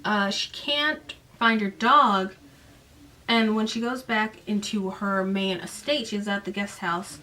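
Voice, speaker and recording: A woman casually recapping a novel in a chatty, sarcastic way, acting out the characters' lines with jumps in pitch. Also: fairly even intonation, slow, sharp tone, far from the mic. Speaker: book recap vlogger.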